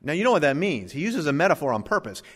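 Earnest pastor in a reverberant hall. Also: male voice, a little high, sing-song, fast talker, husky. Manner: earnest, builds to emphatic lists. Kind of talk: sermon.

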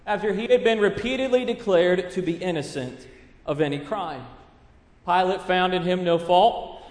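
A man in his thirties preaching a sermon, earnest and mixing in family stories. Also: sits high. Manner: earnest preaching with storytelling asides. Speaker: pastor. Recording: echoey hall reverb.

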